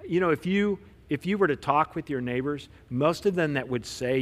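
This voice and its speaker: A man's voice: fairly high pitch, a little fast, hardly any pauses. A man preaching a sermon as pastor, telling stories conversationally with frequent restarts. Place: church sanctuary. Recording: long reverb of a church hall.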